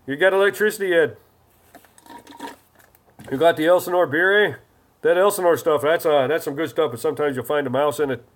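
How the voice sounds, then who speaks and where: A man's voice: a little high, expressive, fairly quick. A man putting on a folksy, teasing mock Canadian guy who ends his lines with "eh".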